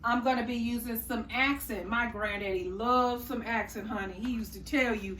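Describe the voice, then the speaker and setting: A woman's voice: a little high, fairly even intonation, moderate pace, few pauses, fairly bright tone, reverberant. Lady talking thru her greens recipe, folksy, calls you honey, a bit far from the mic, faint hum. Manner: chatty, folksy, says y'all and honey. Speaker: cooking channel host. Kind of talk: casual cooking tutorial. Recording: distant mic, faint room noise.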